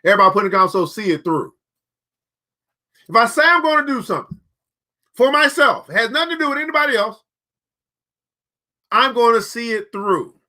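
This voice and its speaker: A man's voice: very high-pitched, expressive, a little fast, pauses often, bright, forceful tone. A man hosting a show, giving motivational commentary between book readings, preachy and repeating key phrases for emphasis. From United States. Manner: colloquial, addresses listeners directly. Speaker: show host.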